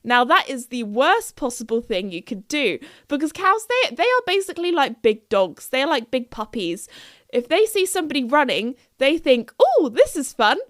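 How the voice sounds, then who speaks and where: A young woman hosting her own podcast, chatting casually and bubbly, often giggling and squealing with excitement. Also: high voice, normal speed, no echo, studio quality. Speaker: podcast host.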